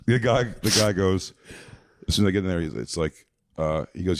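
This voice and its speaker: A man's voice: low voice, normal speed, dry recording, clean studio sound. A man guesting on a podcast, telling crude, rambling anecdotes in casual chat with lots of restarts. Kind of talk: casual storytelling.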